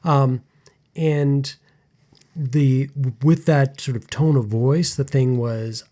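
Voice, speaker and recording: A man with a mellow, warm tone speaks in a reflective, searching way, often restarting his sentences as he works out what he means. He sounds like a podcast co-host talking candidly with his partner. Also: medium pitch, fairly even intonation. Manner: searching, halting, full of restarts.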